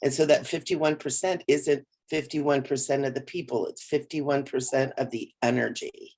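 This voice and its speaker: A woman co-hosting a casual spiritual livestream from home, relaxed and rambling with soft laughs, sounding a little tired. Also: a bass voice, moderate pace, breathy edge. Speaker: co-host.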